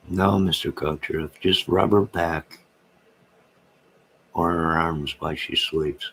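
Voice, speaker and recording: Man, very deep voice, husky, rambling joking livestream banter. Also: fairly even intonation, a little slow, a bit bright. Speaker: livestream host reading chat. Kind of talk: late-night casual chat with viewers.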